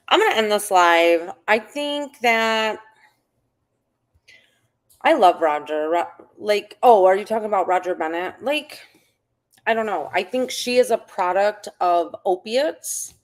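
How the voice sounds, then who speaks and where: A woman chatting on a casual livestream at home, blunt and profane in her talk. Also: lowish voice.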